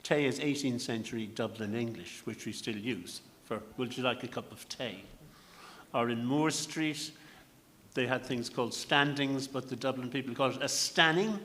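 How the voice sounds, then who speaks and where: A man's voice: mid-range voice, a bit bright. A man on a history panel, speaking in an erudite way and quoting verse and old dialect words. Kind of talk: discussion at a public history event. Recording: public hall with long reverb, faint noise.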